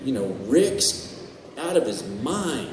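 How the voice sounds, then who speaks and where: A man on a convention panel telling animated stories, swearing and laughing as he goes. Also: mid-range voice, slow pace, slight background noise. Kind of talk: storytelling on a panel. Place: large convention hall. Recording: echoey hall, far from mic, faint ambience.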